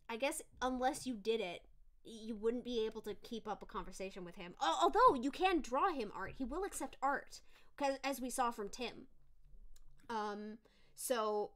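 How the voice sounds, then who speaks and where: A woman's voice: on the high side, a bit bright. A woman streamer in casual live-stream commentary, reading messages aloud and reacting to them, with frequent fillers and self-interruptions.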